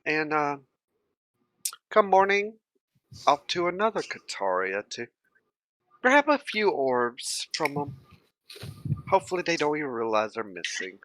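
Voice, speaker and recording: A man narrating as game master of a tabletop game, relaxed and chuckling. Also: fairly high pitch, unhurried, pauses often, dry recording, poor audio.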